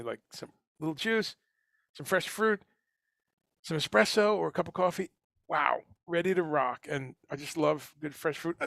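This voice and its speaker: Gravelly, chatty livestream host, man. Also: on the high side, fairly bright tone, dry recording, studio quality. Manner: rambling, enthusiastic, many fillers and restarts. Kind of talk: casual livestream chat.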